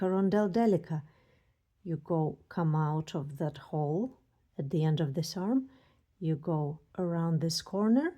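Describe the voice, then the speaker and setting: A woman showing a beading kit and demonstrating earrings, gushing excitedly with scattered thoughts. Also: lowish voice. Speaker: beading designer and tutor. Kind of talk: casual unboxing and how-to demo.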